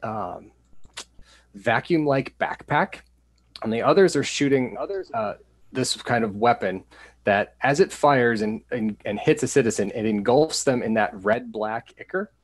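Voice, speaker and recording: A man's voice: mid-range voice, unhurried. A man narrating as game master of a tabletop game, a little hesitant. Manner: hesitant, with many fillers and restarts.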